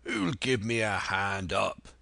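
A man voicing a gruff, menacing one-legged old pirate in an audiobook, speaking with rough seafaring threats. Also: lowish voice, very animated, slow pace, bright, forceful tone, dry recording, heavily acted. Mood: furious. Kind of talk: audiobook character voice.

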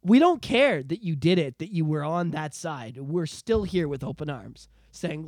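A man's voice: on the high side, expressive, a little slow, few pauses, a little mellow, no room sound, clean studio sound. A young adult man from Canada, hosting a podcast and ranting in casual, profane political chat with lots of repetition. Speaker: podcast host.

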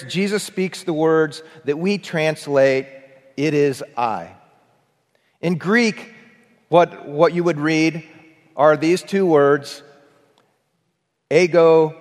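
A man preaching in a church with a slightly raised voice and earnest, shifting emphasis. His voice carries a long reverb from the sanctuary around him. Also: on the high side. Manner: earnest preaching, varied emphasis, leads congregation in repetition. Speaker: pastor. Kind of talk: sermon.

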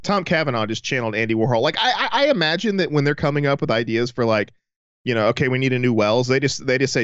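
Brief: easygoing male co-host, mid-pitched, lively intonation, dull lo-fi recording. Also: quick pace, smooth, dry recording. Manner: laughs readily, easygoing. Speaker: podcast co-host. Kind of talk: casual fan discussion. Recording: dull lo-fi sound.

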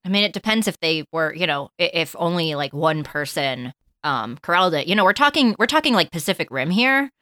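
Woman co-host, brash, joking, lowish pitch, dry sound. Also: animated, fairly quick, sharp tone, no room sound. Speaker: podcast co-host. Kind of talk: casual chat.

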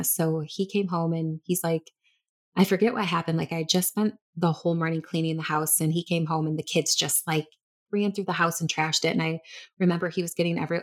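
A woman in her thirties co-hosting a podcast, telling a personal story candidly with many restarts. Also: low voice. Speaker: podcast co-host. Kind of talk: casual chat.

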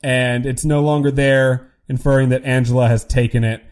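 A man's voice: medium pitch, steady tone, normal speed, a little mellow. A young man co-hosting a podcast, recapping a TV episode in casual chat, musing and trailing off mid-sentence. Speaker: podcast co-host.

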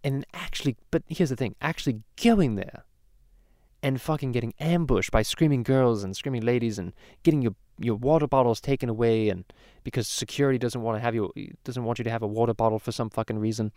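A man's voice: mid-range voice, brisk, dark tone, no room sound, studio quality, natural voice. A man playing a crude cartoon baby boy in a parody podcast, rambling through stories with lots of swearing and restarts. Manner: rambling storyteller, swears a lot, many restarts. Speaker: podcast host. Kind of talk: casual parody podcast chat.

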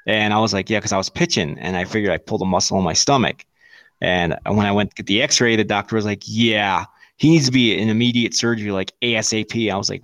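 A man's voice: on the low side, fast talker, a bit bright, dry recording. A man in his thirties who hosts a podcast, chatting casually, swearing freely and laughing as he tells stories. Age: 30s. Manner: profane, storytelling, laughs a lot. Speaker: podcast host. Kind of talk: casual chat.

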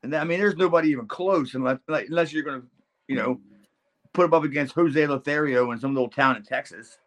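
A man co-hosting a podcast in loose, rambling chat. His voice sits a little high for a man. He fills his talk with casual slang. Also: fast, a bit bright. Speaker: podcast co-host.

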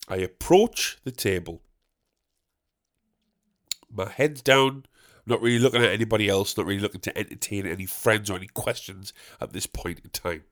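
A man's voice: on the low side, moderate pace, long pauses, fairly bright tone. A man hosting a podcast, telling a rambling comic story with lots of swearing and questions he asks himself, then answers. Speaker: podcast host.

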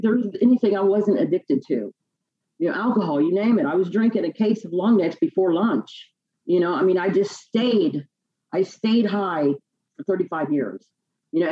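A woman telling her own life story in a podcast interview, halting and repeating words as she fights back tears. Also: on the low side, slightly rough, lo-fi sound. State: near tears. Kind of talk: emotional personal testimony.

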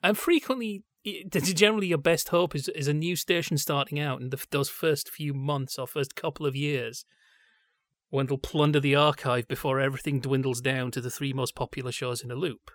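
A man's voice: mid-range voice, fairly even intonation, fairly quick, no echo, clean studio sound. A man co-hosting a podcast, talking in a thoughtful, discursive way that drifts from point to point. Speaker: podcast co-host.

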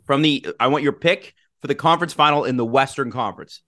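A man hosting a casual chat while tasting hot sauce, whooping loudly at the heat, his nose running. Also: medium pitch, fast. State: nose running from spicy food. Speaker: host.

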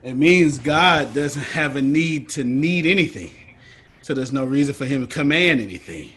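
A man's voice: mid-range voice, animated, normal speed, fairly bright tone. A man teaching a study group over a video call, preachy and emphatic in a folksy way.

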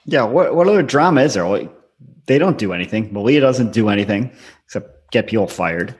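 A man's voice: lowish voice, lively intonation, a little fast. A man co-hosting a casual podcast chat, adding dry asides and show plugs. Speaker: podcast co-host.

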